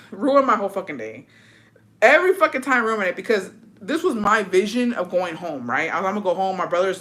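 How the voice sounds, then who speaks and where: A woman with a medium-pitched, slightly bright voice hosts a livestream, telling a personal story in loose, foul-mouthed chat. She reads comments and answers them bluntly, with "bitch" tags popping up often.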